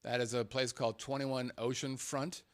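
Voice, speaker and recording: A man's voice: mid-range voice, little pitch movement, moderate pace. A man hosting a casual talk show, rambling along and often stumbling and repeating words. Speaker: podcast host.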